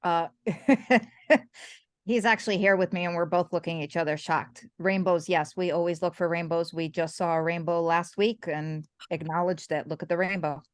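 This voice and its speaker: Low-voiced woman, dry close sound. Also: steady tone, moderate pace, no room sound. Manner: soft, brief answers. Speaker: audience member receiving a reading.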